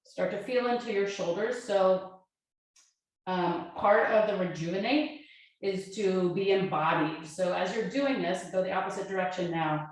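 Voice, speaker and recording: A woman teaches a yoga class, her voice sitting at an ordinary middle pitch. She cues each breath and pose in a calm, gentle way. The recording is drenched in heavy room echo. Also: measured pace. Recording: very echoey room.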